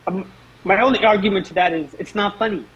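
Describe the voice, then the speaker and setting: A man's voice: sits high, fast talker, fairly bright tone, husky. A man co-hosting a wrestling review podcast, blunt and dismissive, ranting in exasperation. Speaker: podcast co-host. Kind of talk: casual wrestling review chat. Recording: dull lo-fi audio.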